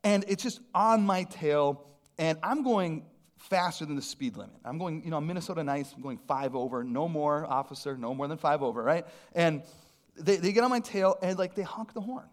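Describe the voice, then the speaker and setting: A man who is a pastor, preaching a sermon with personal storytelling, animated and self-deprecating. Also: fairly high pitch, moderate pace. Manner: animated, self-deprecating humor, frequent restarts.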